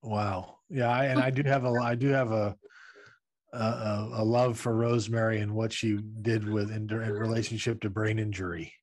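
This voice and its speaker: A man's voice: lowish voice, little pitch movement, no room sound. A man hosting an interview, curious and conversational, often restarting his sentences as he talks. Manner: curious, halting, many restarts. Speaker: host. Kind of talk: casual interview chat.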